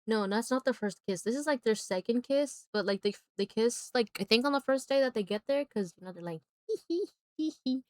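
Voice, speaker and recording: A woman's voice: fairly high pitch, fairly quick, hardly any pauses, no echo. A woman live-streaming while she draws, recapping a movie in rambling casual chat full of "like" and bursts of laughter. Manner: rambling, constant filler "like", breaks into laughter.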